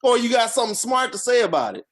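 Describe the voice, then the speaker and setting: A man's voice: very high voice, very animated, fast. A man co-hosting a podcast, ranting in heated, profane casual chat. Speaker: podcast co-host.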